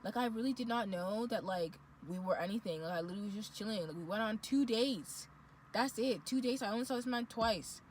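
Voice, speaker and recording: A woman, telling a dating story to camera in a lively, slangy, dramatic way. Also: mid-range voice, fairly quick, a little hiss or hum, poor audio. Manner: animated, slangy, dramatic retelling. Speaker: vlogger. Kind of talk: storytime monologue.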